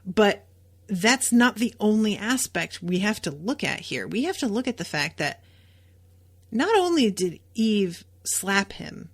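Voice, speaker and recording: Slow, chatty woman podcast host. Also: mid-range voice, sing-song. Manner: chatty and emphatic, with frequent fillers and occasional swearing. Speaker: podcast host recapping a TV episode. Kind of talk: casual podcast recap.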